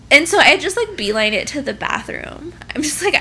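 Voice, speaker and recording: A woman's voice: high-pitched, very animated, unhurried, bright, forceful tone, a little hiss or hum. A pregnant young woman telling an embarrassing story in casual chat, laughing often and swearing freely.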